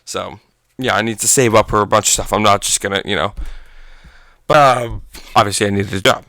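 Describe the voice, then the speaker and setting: His voice lowish and steady with a sharp edge, a teenage boy from a gaming channel tells a long story at a brisk clip. It's chatty and meandering, full of self-corrections, with no echo on the audio.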